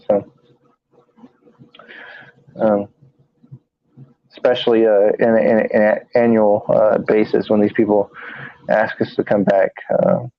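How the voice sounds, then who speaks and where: A low-voiced man chats through a live stream in a flat, sleepy monotone, stumbling over fillers and restarting his sentences. The audio is dry and dull, like a lo-fi stream. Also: vocal fry, no room sound. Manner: halting, many fillers and restarts; monotone, tired from little sleep. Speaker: paranormal investigator and show co-host. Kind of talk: casual live-stream chat.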